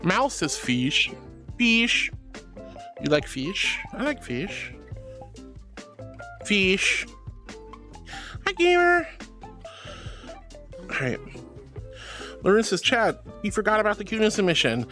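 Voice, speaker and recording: A woman streamer chats casually with her audience, bubbly and affectionate as she reads messages aloud. Her pitch swoops up and down freely, and faint music plays underneath. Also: huge pitch swings, slow, long pauses, a bit bright. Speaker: streamer reading chat. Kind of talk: casual live-stream chat.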